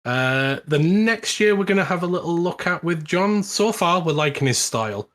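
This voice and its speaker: A British man co-hosting a podcast, telling a history story in casual, animated chat with frequent laughs. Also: a little high, normal speed. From Britain. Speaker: podcast co-host.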